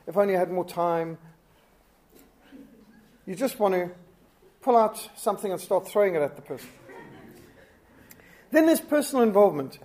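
A preacher giving a lesson on public speaking, his voice soft and mellow rather than bright. He talks with animated emphasis, swinging his pitch and volume high when he presses a point. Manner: animated, emphatic, with sharp jumps in pitch and loudness. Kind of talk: instructional talk.

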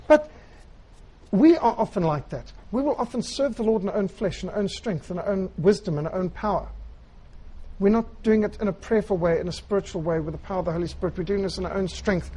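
A man preaching a sermon, retelling scripture in an earnest storytelling way with quiet, emphatic phrasing. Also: sits high, fast talker, breathy edge, low-quality recording.

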